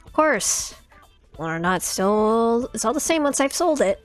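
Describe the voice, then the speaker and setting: A woman's voice: fairly high pitch, very animated, unhurried, soft background music. A woman streamer reading out a sly, evasive shopkeeper from a game, in a wheedling, conspiratorial way. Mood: smug.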